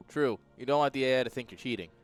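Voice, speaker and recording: A man casting a strategy game match in a relaxed, jokey play-by-play style, chuckling often. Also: mid-range voice. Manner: laid-back, chuckling, jokey. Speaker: esports caster. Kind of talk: casual play-by-play commentary.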